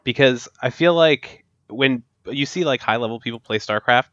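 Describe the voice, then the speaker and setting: A man's voice: medium pitch, normal speed, fairly bright tone, lo-fi sound. A man co-hosting a podcast in casual chat, thoughtful and hedging with many likes.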